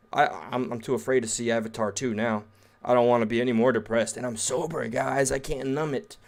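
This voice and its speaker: Male streamer, mid-pitched voice, reads aloud then riffs sarcastically, casual and rambling. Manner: sarcastic, rambling asides while reading aloud. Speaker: streamer reading and reacting to an article. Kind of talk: casual reaction rant.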